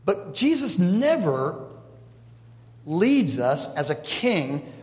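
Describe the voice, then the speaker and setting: A man's voice: sits high, sing-song, very slow, darkish tone. A man, a pastor, preaching a conversational sermon with jokes to a congregation. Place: large church hall. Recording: echoey hall, reverb. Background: congregation laughing.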